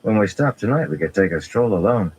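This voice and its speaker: A man's voice: lowish voice, expressive, brisk, a little mellow, slight background noise, voice pushed up, lightly acted, low-quality recording. A man doing a brash, roguish young soldier.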